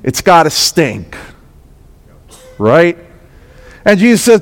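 A man's voice: high-pitched, animated, measured pace, pauses often, clean tone, long reverb tail. A man with a New York accent preaching a sermon as pastor, telling the story in a conversational way and acting out what the people in it said, growing more intense as he goes. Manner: conversational preaching, dramatized quotes, rising intensity.

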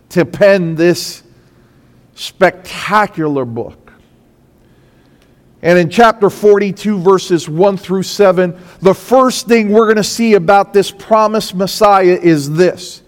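A man preaching a sermon as pastor, impassioned, his voice rising and falling for emphasis. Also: high voice. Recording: long reverb of a large hall.

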